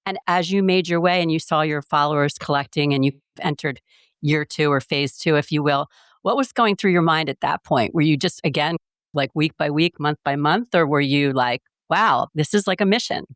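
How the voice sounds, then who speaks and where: A woman's voice: deep voice, normal speed, no echo, studio quality. A woman co-hosting a podcast in casual interview chat, reflective and asking open questions. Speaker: podcast co-host.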